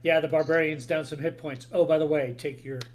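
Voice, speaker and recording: Man running a tabletop game, higher voice. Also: steady tone. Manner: halting, many restarts and fillers. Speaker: game master.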